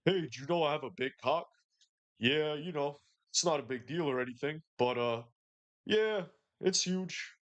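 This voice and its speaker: A man's voice: fairly high pitch, animated, normal speed, muffled recording, natural voice. A man doing a bragging fake-tough macho guy. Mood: boastful. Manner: bragging, exaggerated swagger.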